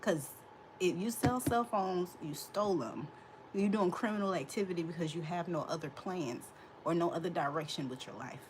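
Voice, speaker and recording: Her voice is fairly low and moves at a moderate pace, with a little hiss or hum underneath. She's a livestream host in her thirties, sassy and laughing as she responds to her chat from a hot room during a casual stream.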